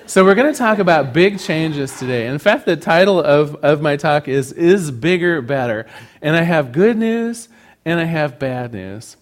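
A man giving a conversational sermon to a congregation, joking and animated as he speaks. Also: on the high side, moderate pace. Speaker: speaker at a spiritual service.

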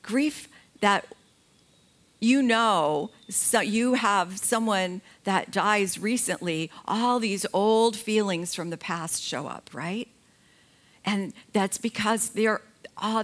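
A middle-aged woman giving a slow, gentle talk about grief, pausing often between phrases. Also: medium pitch. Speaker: grief educator.

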